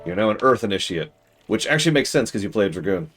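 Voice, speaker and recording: A low-pitched man narrates his gameplay live, his voice leaping all over the place as he berates the little characters on screen. He jumps from sudden shouted demands to quiet grumbling under his breath. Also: big pitch swings, fast, soft background music. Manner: exasperated, scolding the game's characters aloud; swings from loud outbursts to muttering. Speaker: streamer.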